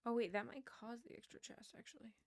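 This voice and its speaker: Talking fast in a fairly high voice over a noisy background, a woman streamer rambles and laughs a lot while gaming. She's using wired earbuds with a headset mic.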